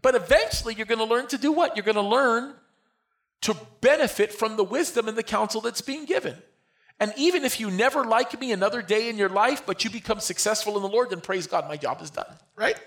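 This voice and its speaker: Pastor guy preaching, high ringing voice, gets loud then goes soft. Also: animated, fairly quick. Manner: emphatic preaching, shifts between loud declarations and quiet talk. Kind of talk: sermon.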